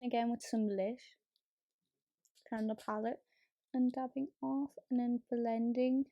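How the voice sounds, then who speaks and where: A woman's voice: fairly high pitch, fairly even intonation, measured pace, no echo, dull audio. A woman chatting casually as a beauty vlogger while doing her makeup, full of fillers and easy swearing. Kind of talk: casual get-ready-with-me chat.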